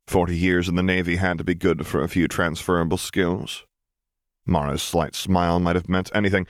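A man with a low-sitting voice narrates a fan-fiction audiobook from a script, measured and expressive in his storytelling. The audio is clean studio sound with no echo.

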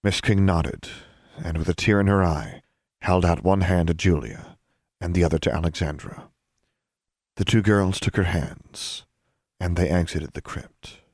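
Here a man with a low voice reads an audiobook in an even, measured narrative manner. The recording is studio quality with no echo.

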